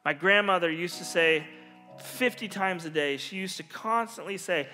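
Man, middle-aged, pastor, earnest sermon storytelling, soft trailing endings, fairly high voice, echo of a large hall. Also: normal speed, soft background music. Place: church hall. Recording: long reverb of a large hall.

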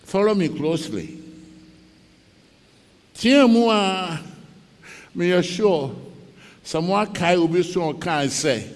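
Ghanaian pastor, high voice, slow and dramatic storytelling sermon, big echoey hall. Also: male voice, expressive. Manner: dramatic storytelling preacher, acts out scenes.

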